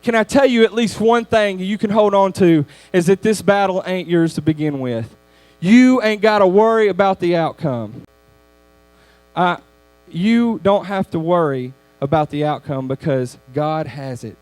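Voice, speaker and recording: A man giving a youth sermon lesson, in a conversational, animated storytelling manner. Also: high-pitched, measured pace, dry recording. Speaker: youth speaker.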